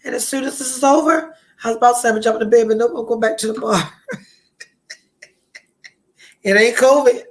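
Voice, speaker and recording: A stuffed-up, sick woman with a high voice talks casually to her podcast listeners. She is blunt and swears freely, and her nasal speech often drops to a tearful whisper. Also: fairly quick, long pauses, low-quality recording. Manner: emotional, breaks into tears and whispers. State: sick and congested. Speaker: podcast host. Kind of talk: casual chat.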